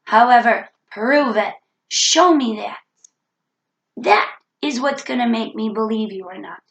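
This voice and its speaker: A woman's voice: on the high side, lively intonation, measured pace, creaky, echoey room, lo-fi sound. A woman with a cold talking earnestly into the camera in a reflective self-help vlog, repeating her key points. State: has a cold. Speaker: vlogger.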